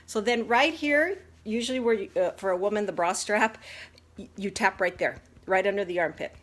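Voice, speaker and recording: A woman's voice: medium pitch, moderate pace. A woman giving an earnest, chatty self-help talk on a livestream, with lots of fillers and restarts as she explains step by step. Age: adult with a grown daughter. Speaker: life coach. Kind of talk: casual teaching from a livestream. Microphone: phone or webcam livestream.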